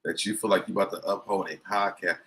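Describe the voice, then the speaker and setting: A man's voice: low voice, fairly even intonation, fast, bright, forceful tone, low-quality recording. A man hosting a livestream, giving sarcastic gossip commentary and greeting chat viewers. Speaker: livestream host. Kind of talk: casual commentary reacting to clips.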